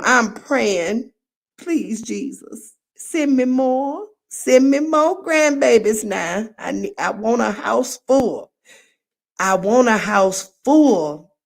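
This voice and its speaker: Middle-aged woman, livestream host, casual unhurried chat, playful and quick to laugh at herself. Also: medium pitch. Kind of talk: casual chat reacting to viewer comments.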